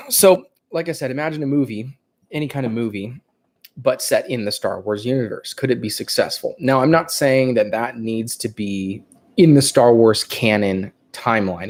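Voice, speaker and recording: A man's voice: fairly low pitch, a little mellow. Rambling Californian man hosting a livestream. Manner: rambling, thinking aloud with fillers. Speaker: livestream host. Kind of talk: casual livestream chat.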